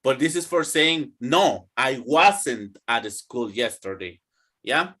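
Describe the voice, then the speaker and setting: A man's voice: mid-range voice, animated, takes it slowly, pushed and bright. A young man teaching an English grammar class, drilling students to repeat after him. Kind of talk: online classroom lesson.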